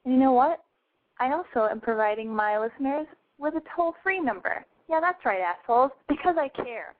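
A brash woman hosting a call-in talk show, with a fairly high voice and giddy, swearing chatter. The sound is thin and narrow, like a phone line. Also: normal speed. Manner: brash, giddy, profane, animated. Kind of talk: casual talk radio monologue.

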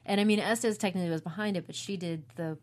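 A woman's voice: lowish voice, fast talker. A young woman actress chatting casually about a role she played, laughing often and telling stories with quoted lines. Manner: laughs often, animated storytelling with acted quotes. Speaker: actress discussing her role. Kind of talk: casual chat.

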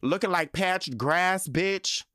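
A man's voice: high-pitched, slow, sharp tone, clean tone, dry recording, clean studio sound. A man hosting a podcast, ranting in a sassy, profane, emphatic casual monologue. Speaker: podcast host.

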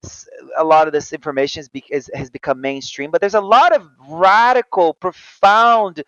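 A man's voice: on the high side, moderate pace, fairly bright tone, clean tone, no room sound. A man in a casual podcast chat who eagerly jumps in and swears casually. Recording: dull lo-fi, dry.

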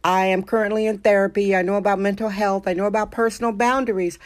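A woman's voice: mid-range voice, steady tone, fast. A middle-aged woman from Wisconsin hosting her own show, talking in an emphatic, self-assured and opinionated way. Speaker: podcast host. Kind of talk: casual monologue.

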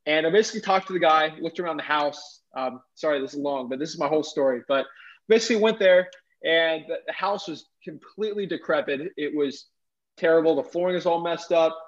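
A young man tells his story in a lively, casual way and acts out each person in it with sudden jumps in his voice. His voice sits a little high. The audio is dull and lo-fi. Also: a little fast. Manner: animated, acts out quotes with big pitch jumps. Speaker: guest entrepreneur.

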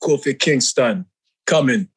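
A man's voice: mid-range voice, expressive, a little slow, slightly rough, voice pushed down. Man doing a boastful put-on Jamaican wrestler. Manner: boastful, playful mock accent. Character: brash wrestler doing an over-the-top Jamaican persona. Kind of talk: comic impression on a podcast.

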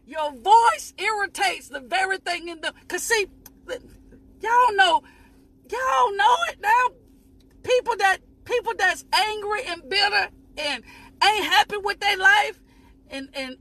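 A woman preaching a fervent sermon, shouting, repeating phrases, letting out sudden high whoops, and talking straight to her listeners. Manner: addresses listeners directly and asks them to repeat after her.

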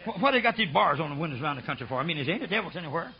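An older man preaching a sermon, rambling and folksy, swinging from low murmurs to high shouted bursts. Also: big pitch swings, rapid-fire, few pauses, slightly rough. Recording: dull lo-fi sermon recording.

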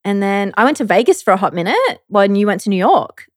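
A woman's voice: medium pitch, expressive, fast, no room sound. A young woman with a mid-range voice chatting casually as a co-host. She is playful and easygoing and breaks into laughs often. The sound is dry and close. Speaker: podcast co-host. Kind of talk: casual chat.

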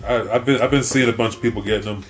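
A man's voice: mid-range voice, steady tone, very fast. A middle-aged man in casual chat, telling stories animatedly and acting out both sides of the exchange.

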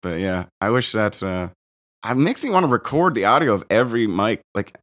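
Animated, profane young man. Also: on the low side, brisk. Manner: profane, animated storytelling with shouted rants. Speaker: comedian guest. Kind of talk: casual podcast chat.

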